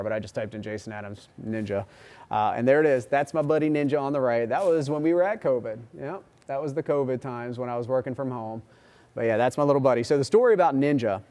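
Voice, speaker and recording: A man's voice: mid-range voice, a little mellow. A man in his forties, a meteorologist hosting a livestream, chatting casually, telling a long story and answering viewer comments. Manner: chatty and rambling, reads viewer comments aloud. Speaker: meteorologist and show host.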